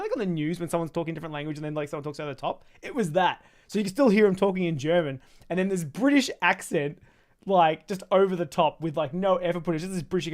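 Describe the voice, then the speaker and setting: Rambling, crude male streamer. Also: high voice. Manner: rambling, crude and joking, laughs often. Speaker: streamer building a toy kit. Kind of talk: casual livestream chat.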